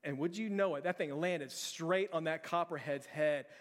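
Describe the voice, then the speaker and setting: A middle-aged male pastor preaching a sermon in a casual, animated storytelling way. He acts out scenes in a raised voice. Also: a little high, normal speed. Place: church. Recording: long church hall reverb.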